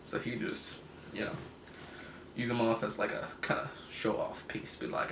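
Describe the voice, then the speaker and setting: A man's voice: medium pitch, level tone, moderate pace, creaky, fairly bright tone. A man casually talking through a comic book story, rambling, laughing often and correcting himself. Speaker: comic book video host. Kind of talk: casual comic review chat. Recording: echoey room, faint hiss.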